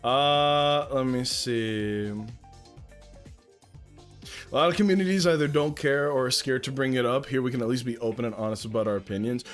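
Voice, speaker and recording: A man's voice: mid-range voice, moderate pace, faint music behind. A young man streaming from home, chatting casually to his viewers and cooing baby talk at his cat, swearing now and then. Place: at home indoors. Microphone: desk mic, handled up close.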